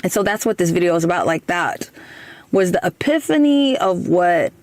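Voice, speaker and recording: A woman's voice: lowish voice, lively intonation, moderate pace, a little mellow, dry recording. A woman in her thirties telling a personal story in a casual, hesitant way, with many fillers, and she acts out the quoted lines. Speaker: guest storyteller.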